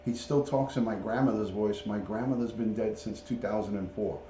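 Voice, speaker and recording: A middle-aged man with a mellow, relaxed voice talks casually on a livestream, greeting viewers by name as he chats. He sounds like he is at home in an echoey room, with a faint hum of room ambience behind him. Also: on the low side, brisk. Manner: chatty, talks to viewers and reads out chat names. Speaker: retired police detective, livestream host. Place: at home, showing a pet parrot.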